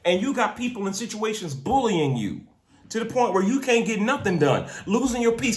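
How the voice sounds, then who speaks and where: Exhorting male preacher, lively high voice. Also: moderate pace, reverberant. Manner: energetic, exhorting, street slang, repeats words. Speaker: podcast host and minister. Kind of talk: preaching-style podcast talk. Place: in a car.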